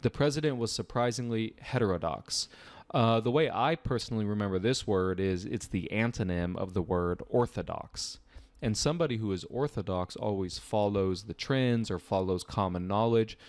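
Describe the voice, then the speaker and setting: A man with a somewhat low voice talks through vocabulary questions like a relaxed tutor. He is chatty and full of fillers, and the sound is dry and close, with no room echo. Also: moderate pace. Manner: relaxed, conversational, frequent fillers and asides. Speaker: test-prep tutor. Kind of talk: casual explanatory lesson.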